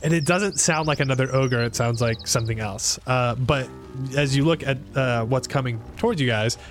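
A man narrating as game master of a tabletop game, relaxed and full of hesitations. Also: medium pitch, normal speed, over music. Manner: relaxed, hesitant with many fillers.

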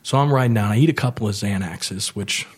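A man's voice: lowish voice, fairly quick, husky. A man telling a wild story from his past as a podcast guest, swearing freely and acting out the voices of the people in it. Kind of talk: casual storytelling.

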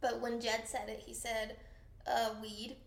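A woman's voice: on the high side, level tone, a little slow, creaky, reverberant. A woman co-hosting a podcast in casual chat, chatty and swearing freely. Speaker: podcast co-host.

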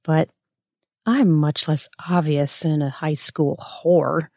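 A woman's voice: low voice, steady tone, takes it slowly, a little mellow, dry recording, clean studio sound, exaggerated voice. A woman reading a story aloud, voicing a sneering, domineering older nun with a hissing, snarling delivery. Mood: scornful. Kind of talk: read-aloud erotic story.

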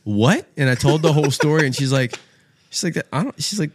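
A man's voice: on the high side, a little fast, husky, no echo. A man in his thirties with a drawl spins a rowdy tale in loose, casual chat. He jumps into other people's voices for the quotes and swears without a second thought. The sound is dry and close to the mic. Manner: animated storyteller acting out quotes with swearing. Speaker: podcast guest, golf apparel co-founder. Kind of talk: casual storytelling.

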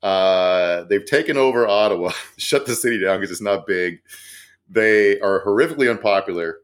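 A man co-hosting a casual comedy news show, talking fast with profane jokes and laughing asides. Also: fairly low pitch. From American South. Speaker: co-host.

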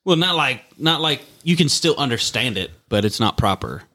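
A man's voice: medium pitch, lively intonation, normal speed, sharp tone. A young man in casual chat with friends, wry and teasing.

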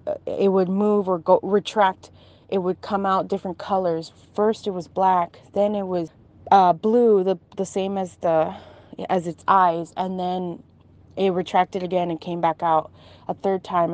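Halting woman recounting a dream. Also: lowish voice, steady tone, darkish tone, lo-fi sound. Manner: halting, searching for words, frequent restarts. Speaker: storyteller. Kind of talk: casual retelling of a dream.

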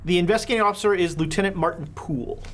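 A woman narrating as game master of a tabletop game, relaxed and hesitant, with many fillers. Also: fairly low pitch, racing, a little hiss or hum.

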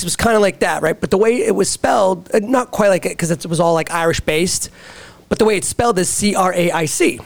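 A man's voice: high voice, gravelly. A man co-hosting a casual chat who tells a restaurant story in a loose, rambling way. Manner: rambling, with many fillers and restarts. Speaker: podcast co-host.

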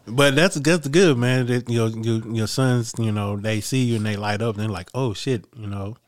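A man talking as a guest on a casual podcast, relaxed and agreeable, mostly giving short replies. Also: mid-range voice, moderate pace, no echo, clean studio sound. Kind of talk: casual chat.

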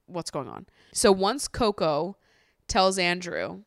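Blunt, low-voiced woman podcaster. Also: lively intonation, slow, no echo, studio quality. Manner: candid and blunt, swears freely, laughs often. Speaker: podcast host. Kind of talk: casual chat recapping a reality show.

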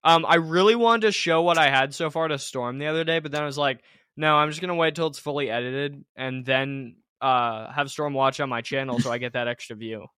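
A man with a bright, clear and smooth voice hosts a casual podcast. He jokes and banters with his guests, slightly higher-pitched than most men, and the sound is close and dry. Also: fairly quick, dry recording. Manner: joking, bantering, laughs often. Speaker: podcast host. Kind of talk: casual chat.

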